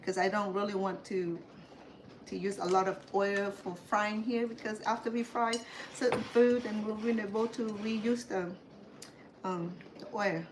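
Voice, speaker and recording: In a level, mid-range voice at a moderate pace, a woman from Cambodia runs a casual home cooking demo full of rambling asides, fillers and restarts. Background noise includes the clear clatter of pots, pans and dishes.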